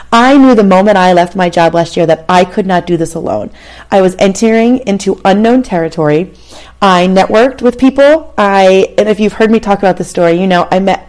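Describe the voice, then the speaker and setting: Hosting a show, a woman in her thirties speaks directly to the listener as she recounts a personal story, keeping it candid and conversational like a casual monologue. She has a medium-pitched, slightly mellow voice.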